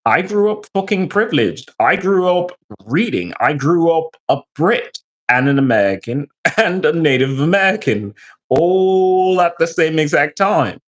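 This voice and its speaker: A man's voice: fairly high pitch, a little slow. A man who is a military veteran, telling stories and ranting profanely to his live-stream chat. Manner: profane, animated storytelling.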